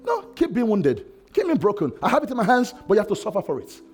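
A man preaching a sermon with passion, swinging between shouted lines and hushed, quiet ones. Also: high-pitched, wildly swooping pitch, fast talker, breathy edge, soft background music. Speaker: pastor.

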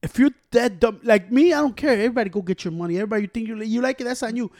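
Fast-talking high-voiced man ranting. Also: a little mellow, no room sound, clean studio sound. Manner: rapid Spanglish code-switching, profane, heated ranting. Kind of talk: casual chat.

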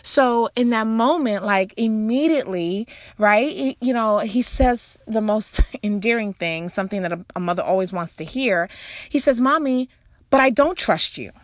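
A woman's voice: medium pitch, normal speed, no room sound. A woman talks to her viewers in a loose, chatty way, circling back with "you know" and restarting her thoughts as she shares a faith-based personal story. Her voice sits in an ordinary middle range and lifts animatedly as the story builds. The sound is dry and close, with almost no room around her. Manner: chatty, rambling, full of "you know" asides. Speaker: mother sharing a faith talk.

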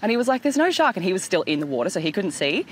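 A woman hosting a podcast outdoors by the water, telling an animated story, swearing and acting out voices. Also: fairly low pitch, very fast, slight background noise. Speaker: podcast host. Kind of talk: casual storytelling chat.

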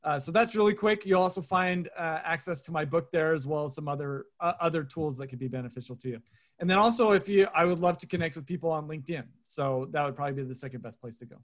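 Male author guest, fairly high voice, eager, reflective interview delivery. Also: quick pace. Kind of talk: casual interview chat.

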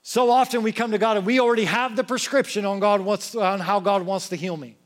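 Young guy preaching, high voice, chatty and loose, acts out quotes with lots of energy. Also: a little fast. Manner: casual, conversational preaching with lively acted quotes. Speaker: pastor. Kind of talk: sermon.

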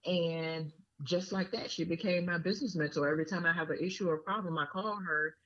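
A woman's voice: lowish voice, fairly quick, fairly bright tone. Chatty woman telling a story, muffled. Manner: chatty, many fillers and restarts. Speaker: podcast guest, business owner. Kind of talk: casual storytelling. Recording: muffled lo-fi sound.

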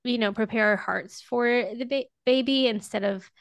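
A woman's voice: fairly high pitch, normal speed, vocal fry, dry recording. A pregnant woman co-hosting a faith podcast, chatty and encouraging. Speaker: podcast co-host. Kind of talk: casual faith chat.

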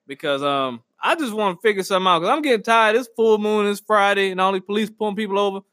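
A high-voiced man hosts a podcast with a loose, comedic, slangy monologue delivered at a quick pace. He animatedly slips into acted-out quotes and laughter, and the bone-dry recording has no room sound.

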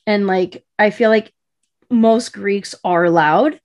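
A woman's voice: medium pitch, slow, a little mellow. A woman co-hosting a casual chat podcast, talking in a passionate, rambling way full of fillers. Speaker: podcast co-host.

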